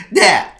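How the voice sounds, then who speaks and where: Man, 50s, relationship advice host; bright, tense voice, animated personal storytelling recorded with roomy echo. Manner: animated storytelling, then slower and more emotional reflection. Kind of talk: personal storytelling monologue to camera.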